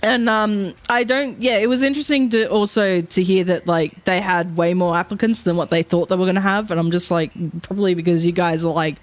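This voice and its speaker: A young Australian woman streaming, telling a story in animated casual chat, laughing often and swearing freely. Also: on the low side, fairly quick, few pauses, no room sound.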